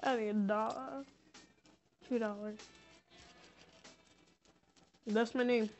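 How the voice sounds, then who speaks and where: A woman's voice: on the high side, steady tone, slow pace, a little mellow, soft background music. A woman streaming a mobile game live, chatting loosely with her viewers between plays into a close mic. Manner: rambling, talks to chat between plays. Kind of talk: casual live-stream chat while playing. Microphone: close mic on a phone stream. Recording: dull lo-fi stream audio, faint hiss.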